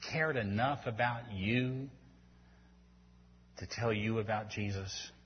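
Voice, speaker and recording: A man's voice: lowish voice, takes it slowly, slight background noise. A man preaching a sermon, earnest and pleading, rising to emphatic peaks as he makes his points. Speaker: pastor. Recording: dull lo-fi sound in a long-echo hall.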